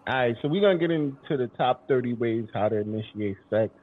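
A man's voice: mid-range voice, animated, fairly quick. A man hosting a casual chat, laid-back, drawling and repeating himself as he reads a list. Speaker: podcast host. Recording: husky voice over a tinny phone-like line.

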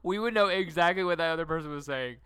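Young man, podcast co-host, giggly rambling chat, crisp voice. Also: a little high, fast talker, pushed and bright, dry recording, clean studio sound. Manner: giggly, rambling, drops into silly put-on voices. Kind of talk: casual chat.

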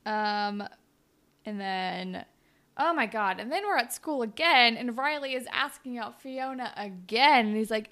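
A woman with a fairly high voice recaps a show with friends. She slips into quoted lines as she goes and laughs easily. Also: unhurried, fairly bright tone. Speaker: podcast co-host recapping a show. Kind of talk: casual chat.

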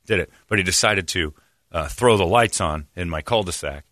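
Bright, animated male radio host. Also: deep voice, moderate pace, no room sound, studio quality. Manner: animated storyteller, acts out quotes loudly. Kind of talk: casual talk radio storytelling.

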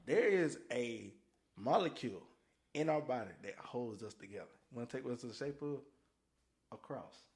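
A man's voice: mid-range voice, normal speed. A man co-hosting a casual podcast, telling Bible stories animatedly and acting out voices. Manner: animated storytelling, acts out voices and shouts. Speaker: podcast co-host. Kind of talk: casual faith chat.

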